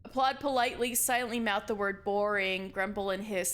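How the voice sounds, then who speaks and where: A young woman streamer reading a story game aloud in a slow, theatrical way, breaking off for swearing asides. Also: mid-range voice, a bit bright. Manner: reads dialogue slowly and dramatically, swears and laughs in asides. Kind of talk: reading a visual novel game aloud with commentary.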